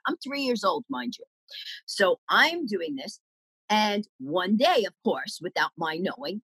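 Middle-aged woman comic, lively storyteller who acts out quotes; husky, dry close sound. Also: mid-range voice, normal speed, no echo, low-quality recording. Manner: animated, acts out quoted voices. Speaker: comedian guest. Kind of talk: storytelling interview answers.

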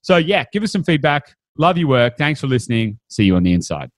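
A man hosts a podcast in a casual, upbeat manner, full of fillers and restarts. His middle-pitched voice swings widely and he talks fairly quickly. The recording is dry and close, with no room sound.

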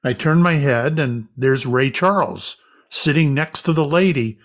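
A man guest in an interview, a medium, recounting an experience as a lively anecdotal storyteller. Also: mid-range voice, measured pace.

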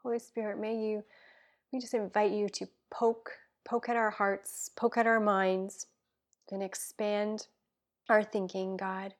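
A woman, a guest and children's pastor, praying aloud and speaking from the heart in an earnest, soft-spoken way that drifts into whispers. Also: medium pitch, level tone, a little slow. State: tearful and emotional. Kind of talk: spoken prayer and heartfelt chat.

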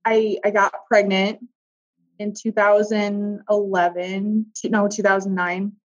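A woman tells her own story as an interview guest, candid and emotional, pausing and restarting as she searches for words. Her voice sits at an ordinary pitch. The recording sounds slightly dull and lo-fi. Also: level tone. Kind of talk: personal storytelling in conversation. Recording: dull lo-fi audio.

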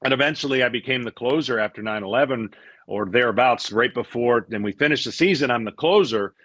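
A middle-aged man, a former pitcher, telling stories in a casual interview; he acts out what people said and often repeats words as he goes. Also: a little fast, dry recording. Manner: animated storyteller, acts out quotes, repeats words.

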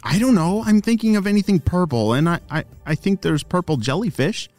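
Kids' storybook: man voicing a squeaky, curious young girl who is bursting with questions. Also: fairly quick, darkish tone, no room sound, faint music behind, lightly acted. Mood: puzzled.

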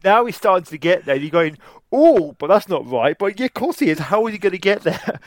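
A man hosting a relaxed podcast talks at a brisk clip, in a mid-pitched voice, with many fillers. The recording is dry and close, with no room sound. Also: no echo. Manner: chatty, agreeing, filler-heavy. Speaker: podcast host. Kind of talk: casual podcast discussion.

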